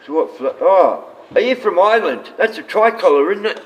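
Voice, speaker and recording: A man's voice: high-pitched, expressive, normal speed, poor audio. A man chatting casually on a livestream, rambling and swearing freely.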